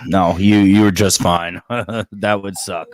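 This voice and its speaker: A man with a fairly low voice hosts a laid-back podcast, sounding dry and close to the mic. He rambles through his questions with plenty of restarts and swearing. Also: little pitch movement, a little slow, dry recording. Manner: rambling, profane, many restarts. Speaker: podcast host. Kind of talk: casual podcast interview.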